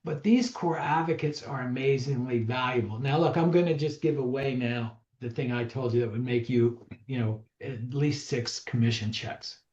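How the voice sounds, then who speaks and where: A male real estate trainer talking to a live audience in a medium-pitched, emphatic, conversational way. The sound is roomy and a little dull, as from a room recording. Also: normal speed, hardly any pauses, a little mellow. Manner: emphatic, conversational, acts out dialogues. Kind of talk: seminar talk to a live audience.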